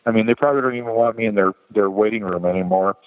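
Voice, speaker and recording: Man telling a story over a tinny, echoing line. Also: very fast. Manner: lively, jumps higher to act out quoted people. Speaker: podcast guest. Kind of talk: animated personal storytelling. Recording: tinny phone-like line with long reverb.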